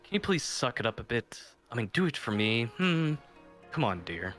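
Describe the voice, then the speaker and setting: A man doing a gentle coaxing barkeep woman. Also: mid-range voice, big pitch swings, moderate pace, soft background music. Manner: coaxing, calls people dear. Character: kindly female barkeep, soothing.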